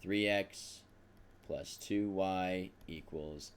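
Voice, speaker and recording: A man's voice: low-pitched, slow, a bit bright, slight background noise. A man teaching a math lesson, talking through the steps aloud in a casual, self-deprecating way. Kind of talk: recorded math lesson at a whiteboard.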